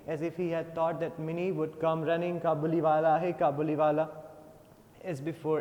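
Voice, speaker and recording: A man's voice: a little high, darkish tone. A man with an Indian English accent, teaching an English class by reading a story aloud and then retelling it with many fillers. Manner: reads passages, then paraphrases with many fillers. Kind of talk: explaining a textbook story. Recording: long reverb.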